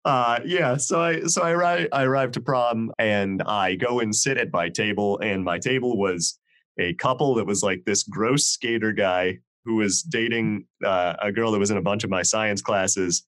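A man's voice: on the low side, moderate pace. A man in his thirties, a podcast producer, telling a story in a casual video-call chat and acting out the people in it. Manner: animated, acts out the people in his stories. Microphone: video call mic.

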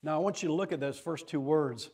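A man leading an informal Bible study, talking excitedly, restarting phrases and stressing key words. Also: fairly high pitch, quick pace.

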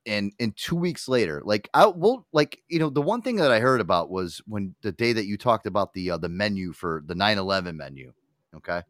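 A man's voice: lowish voice, fairly quick, dry recording, clean studio sound. A man hosting a radio show in casual, profane banter, often slipping into mocking voices. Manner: animated, profane, breaks into mimicking voices.

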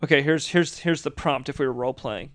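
A man's voice: mid-range voice, a little fast. A man co-hosting a casual podcast with his brothers, jokey and setting up segments. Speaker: podcast co-host. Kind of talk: casual chat.

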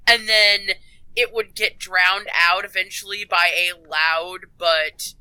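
A man on a casual podcast, telling an excited story with lots of enthusiasm. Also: high voice, slow, clean tone, no room sound, poor audio. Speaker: podcast panelist. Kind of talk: casual chat.

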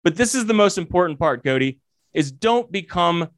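In a high-pitched, animated voice at a moderate pace, a man who brokers commercial real estate and mentors others wanders through sales advice for a laid-back podcast, frequently restarting what he's saying.

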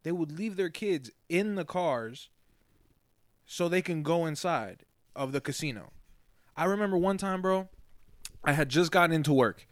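A young man co-hosting a podcast, telling stories in relaxed casual chat, swearing often and repeating himself. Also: fairly high pitch, normal speed, long pauses, no room sound, clean studio sound. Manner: laid-back storytelling, swearing, repeats "you feel me". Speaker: podcast co-host.

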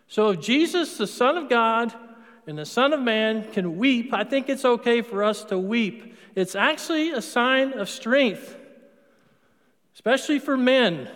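A man's voice: very high-pitched, fairly bright tone. A middle-aged man preaching a sermon in a church, conversational and storytelling, with emphatic punches. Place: church sanctuary. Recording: long reverb of a large hall.

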